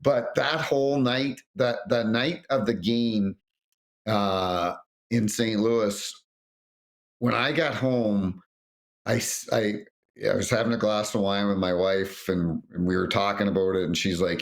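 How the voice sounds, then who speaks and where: Low-voiced man telling stories animatedly. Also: measured pace. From North America. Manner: animated anecdotes, acts out quotes. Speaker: guest, former referee. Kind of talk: storytelling interview.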